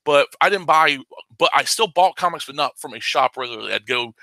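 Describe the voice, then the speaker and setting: A man guesting on a casual podcast as a comic shop owner, talking with passion and profanity and swinging into loud outbursts. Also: fairly high pitch, lively intonation, a little fast, vocal fry, no echo.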